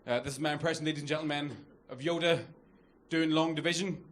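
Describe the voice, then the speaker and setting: A young man from Northern Ireland performs a crude, self-deprecating stand-up set on a comedy club stage, trading banter with the crowd. His voice sits on the high side with a steady tone, and he talks fast. It's a live club recording with slight hiss or hum, loud audience laughter filling the background.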